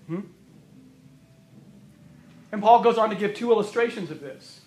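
A man preaching a sermon, emphatic and repeating phrases for stress, his voice going hoarse. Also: sits high, animated, a little slow, long pauses, a little mellow. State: losing his voice. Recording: roomy echo of a hall.

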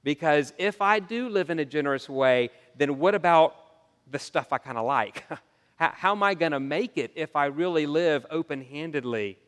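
A man preaches to his congregation with earnest, animated storytelling and a slightly high voice. His words ring out with a long reverb from a large hall. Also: moderate pace, clear, resonant tone. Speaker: pastor. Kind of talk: sermon.

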